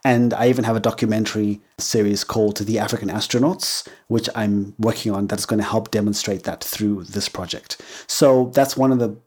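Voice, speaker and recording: A man with a Zimbabwean English accent talks alone on his podcast, his voice sitting a little low. He chats along loosely and sometimes jumps way up in pitch to act out the people he quotes. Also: steady tone, moderate pace, hardly any pauses, darkish tone, husky. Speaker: podcast host. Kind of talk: solo podcast monologue.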